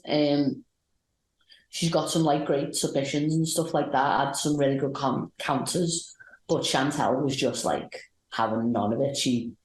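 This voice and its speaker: Low-voiced woman, roomy sound. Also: a little mellow. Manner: rambling, enthusiastic match recaps. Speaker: podcast co-host. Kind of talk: casual podcast chat.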